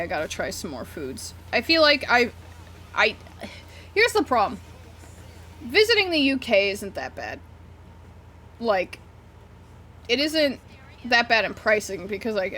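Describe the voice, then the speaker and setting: A woman's voice: on the high side, a bit bright. Rambling, foul-mouthed young woman streamer. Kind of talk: casual livestream chat while drawing. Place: her warm room.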